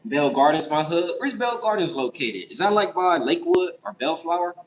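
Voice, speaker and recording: A young man hosting a casual late-night livestream, reading chat and answering with animated, incredulous, profane reactions. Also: on the high side, moderate pace, a little hiss or hum, poor audio. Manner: animated, incredulous, swears freely. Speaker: livestream host.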